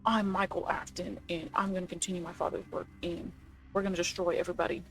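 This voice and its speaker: A woman casually voicing an angry young man set on continuing his father's villainous work, in a low-key mock-menacing read. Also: level tone, fast talker, faint music behind, lightly acted. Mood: mock menace.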